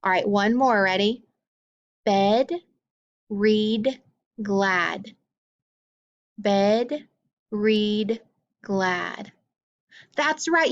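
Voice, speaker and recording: A woman teaching a phonics lesson to young children, patient and encouraging, slowly drawing out letter sounds. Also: medium pitch, highs cut off.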